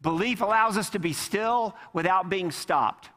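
A man preaching a sermon, animated, acting out the people in the scripture reading. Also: sits high, measured pace. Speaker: pastor. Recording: long hall reverb.

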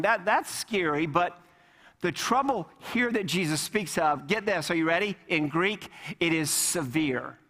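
A male pastor with a fairly high voice delivers an emphatic sermon, leaning on repeated words and direct questions to the congregation. His voice rings out with a long reverb in a church sanctuary. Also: normal speed, a bit bright. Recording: long reverb of a large hall.

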